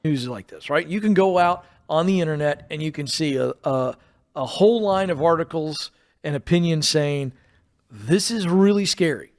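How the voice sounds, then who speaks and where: Man, radio host, higher voice, joking, conversational banter. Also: moderate pace.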